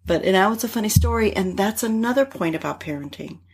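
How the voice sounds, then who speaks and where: Lively middle-aged woman, slightly husky. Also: mid-range voice, fast talker. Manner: animated storyteller, laughs often. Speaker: guest, integrative therapist. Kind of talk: casual conversation.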